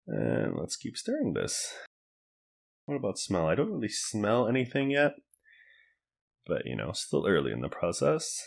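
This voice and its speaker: A man's voice: lowish voice, a little slow, gravelly, pauses often. A man casually reviewing snack food to camera, chatting and thinking aloud as he cooks and tastes. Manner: relaxed, chatty, thinks aloud while cooking and tasting.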